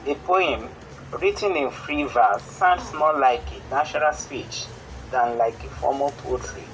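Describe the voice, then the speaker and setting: A man with a Nigerian English accent teaching a school lesson on poetry in a steady, explanatory way. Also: mid-range voice, measured pace, a little hiss or hum, low-quality recording. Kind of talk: classroom lesson on television.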